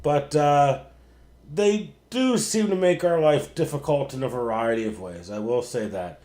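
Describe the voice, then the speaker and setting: A young man hosting a late-night sports livestream, ranting, swearing constantly and working himself up into shouting. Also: medium pitch, unhurried. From Canada. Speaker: sports show host. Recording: roomy echo.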